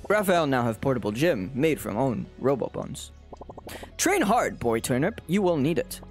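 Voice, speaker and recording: Part-robot trainer, broken simple grammar, lower gruff voice, voiced by a streamer. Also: sing-song, moderate pace, soft background music.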